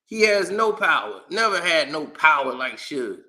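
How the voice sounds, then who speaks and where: A man's voice: a little high, very animated, normal speed, pushed and bright. A man hosting his own commentary channel, ranting in a casual, exasperated way with slang and frequent laughs. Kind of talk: casual opinion rant.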